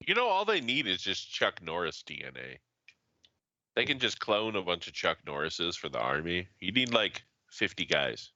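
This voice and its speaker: Male podcast ranter, swings his pitch a lot, dull dry lo-fi sound. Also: normal speed, dry recording. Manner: animated ranting, heavy swearing. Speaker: podcast co-host. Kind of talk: casual chat.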